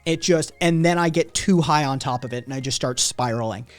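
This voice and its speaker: A man's voice: mid-range voice, brisk. A man hosting a livestream, telling a rambling, profane story to his chat with lots of "right?" asides. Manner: rambling, heavy swearing, frequent "right?" asides. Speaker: livestream host.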